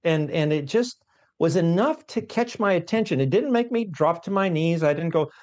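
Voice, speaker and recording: A man, a guest scientist, tells his life story in an animated, self-deprecating, emphatic way. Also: on the high side, normal speed. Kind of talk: conversational storytelling.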